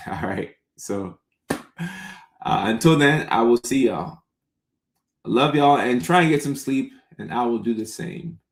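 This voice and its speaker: A man's voice: mid-range voice, animated, a little slow, long pauses, echoey room. A man hosting a live stream, chatting casually and responding to viewer comments. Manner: laid-back, chatty, reads out viewer comments.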